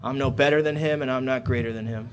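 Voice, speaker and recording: A man in his thirties speaking at a recovery meeting in a hotel hall, telling a personal story and building to loud, animated outbursts. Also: medium pitch, fast talker, slight background noise. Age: 30s.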